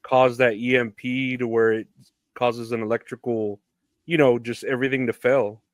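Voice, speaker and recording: A man's voice: medium pitch, little pitch movement, normal speed, no echo. A man in his thirties co-hosting a podcast, casually recapping in a laid-back, loose way. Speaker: podcast co-host.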